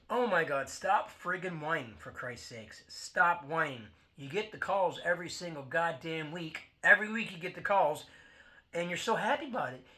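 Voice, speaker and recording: A man's voice: fairly high pitch, animated, moderate pace, bright, forceful tone. A man hosting a football talk show, ranting bluntly with lots of fillers and swearing. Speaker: sports podcast host. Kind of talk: casual sports rant.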